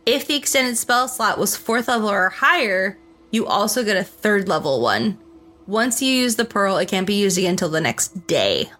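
A woman running a tabletop game as game master, briskly narrating scenes and explaining rules. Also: medium pitch, lively intonation, fairly bright tone.

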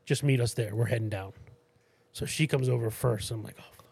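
A man co-hosting a podcast spins a story in casual conversation, full of restarts and offhand swearing. He animatedly plays the quoted people in a higher voice. He talks fairly quickly, with a husky tone and vocal fry, on a dry recording.

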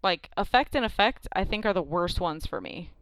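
Animated woman, smooth voice. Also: lowish voice, normal speed, dry recording. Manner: animated, teasing, exclaims in disbelief. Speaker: podcast co-host. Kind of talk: casual chat.

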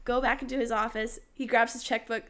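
A fairly high, level voice with a brisk pace and a fairly bright tone belongs to a young woman co-hosting a casual podcast. She recounts stories with animation, acts out quotes, and uses "like" a lot.

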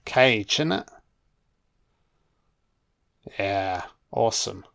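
A man's voice: on the low side, animated, a little slow, vocal fry, fairly bright tone. A man giving a casual, jokey, sweary film commentary. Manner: laid-back, sweary, jokey.

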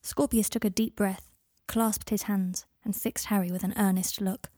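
A woman narrating a story in a calm audiobook reading, with a breathy voice. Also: mid-range voice, moderate pace, dry recording, clean studio sound.

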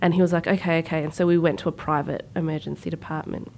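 Woman, thirties, podcast co-host; low, slightly fried voice, chatty storyteller who acts out quotes. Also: steady tone, fast, creaky, darkish tone, a little hiss or hum. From Sri Lanka. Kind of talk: casual conversational storytelling.

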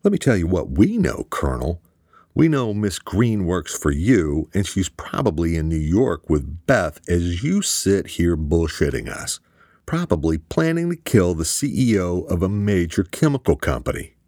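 A man's voice: sits low, sing-song, moderate pace, a little mellow, no echo, clean studio sound, exaggerated voice. A man doing a mouthy, defiant young guy. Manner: sarcastic, confrontational.

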